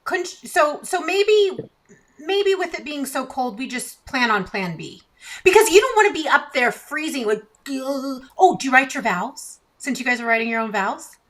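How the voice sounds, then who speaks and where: A woman's voice: high-pitched, expressive, a bit bright. A woman co-hosting a casual chat podcast, teasing and laughing often as she talks. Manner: giggly, teasing, slow-talking. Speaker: podcast co-host.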